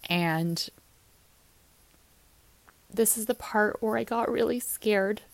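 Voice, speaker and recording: A woman's voice: mid-range voice, takes it slowly, creaky, no echo. A young woman candidly telling her personal story in a casual, conversational way, with plenty of fillers. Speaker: fitness coach. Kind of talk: personal birth story vlog.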